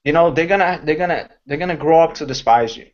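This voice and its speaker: A man mentoring a sales team about leadership in a casual, rambling, animated way, recorded as lo-fi online call audio. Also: fairly high pitch, fast talker. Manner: animated, rambling, mocks shouting voices. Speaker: network marketing mentor. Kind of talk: casual motivational talk.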